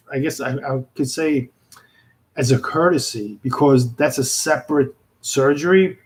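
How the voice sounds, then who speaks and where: A man's voice: mid-range voice, poor audio. Chatty Brooklyn man on a livestream. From New York. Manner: rambling, friendly, lots of fillers and restarts. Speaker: livestream host chatting with viewers. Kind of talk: casual live chat.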